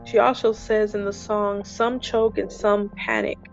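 A woman hosts a devotional podcast, her medium-pitched voice flat and measured as she speaks earnestly, repeating phrases for emphasis. The recording is dull and lo-fi, with faint music behind her.

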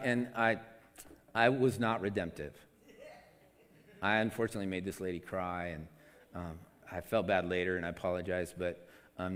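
A man giving an earnest, conversational devotional talk as a preacher, often restarting his sentences. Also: fairly low pitch. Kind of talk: devotional teaching. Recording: long hall reverb.

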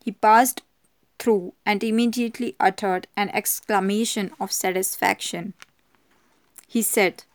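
A woman narrating a mystery novel as an audiobook in a measured, even manner. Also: mid-range voice, clear, resonant tone. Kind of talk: audiobook reading.

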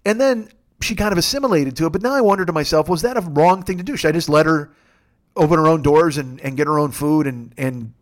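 A man's voice: fairly high pitch, fast. A man hosting his own show in a casual comic monologue, rambling and profane with a wry tone. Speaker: podcast host.

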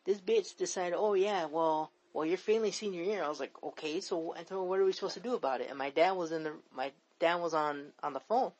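This is a young man from talking at a rapid clip on a casual podcast. He rambles, circles back on his own words and swears freely as he vents. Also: on the high side, low-quality recording. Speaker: podcast co-host. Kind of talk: casual chat.

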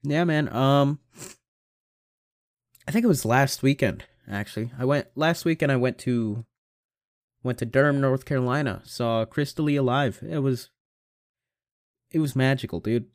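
Young male podcaster, casual and profane, self-mocking, mid-pitched, dry home-mic recording. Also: moderate pace, long pauses, dry recording. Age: young adult. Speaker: podcast host. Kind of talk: casual solo podcast rambling. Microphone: home computer microphone.

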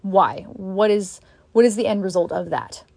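A woman's voice: medium pitch, lively intonation, normal speed, vocal fry, a little mellow, no room sound. A woman vlogging a candid, frustrated rant. She swears bluntly, sighs, and stops and restarts her sentences. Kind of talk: candid venting monologue.

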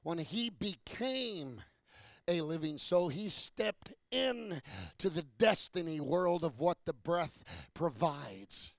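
A man preaching a sermon to a congregation, asking questions and building from low talk to shouted peaks. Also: expressive, takes it slowly, vocal fry, dry recording, clean studio sound.

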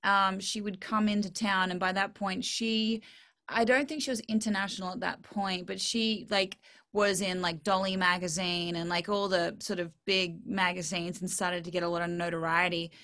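A woman's voice: fairly low pitch, steady tone, moderate pace, bright, forceful tone. A young Australian woman with a slight Southern US twang, a country singer chatting as a podcast guest, bubbly and self-deprecating. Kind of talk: casual interview chat.

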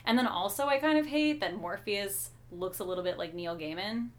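A woman's voice: medium pitch, brisk, a little hiss or hum. A woman co-hosting a podcast, chatting casually and easily about a comic book with frequent fillers. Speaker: podcast co-host.

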